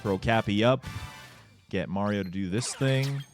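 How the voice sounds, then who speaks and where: A man commenting casually on his own speedrun, relaxed and joking as he talks to chat. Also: lowish voice, measured pace. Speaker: speedrunner streamer. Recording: faint game music behind.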